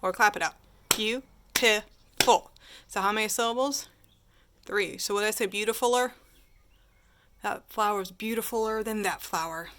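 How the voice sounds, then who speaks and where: A woman's voice: mid-range voice, a little fast, long pauses, fairly bright tone. A woman teacher giving a chatty grammar lesson, asking her class questions and answering them herself.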